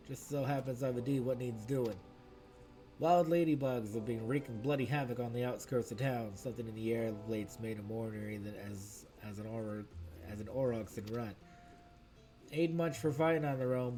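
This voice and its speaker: A man voicing a rough-spoken, coarse male quest giver in a video game, with slangy dialect speech. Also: mid-range voice, a little mellow, rough recording.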